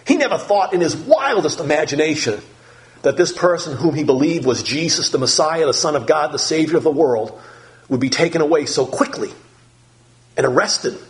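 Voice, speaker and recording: A male pastor preaching a sermon in an animated, emphatic manner, dropping low and soft for prayer. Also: normal speed.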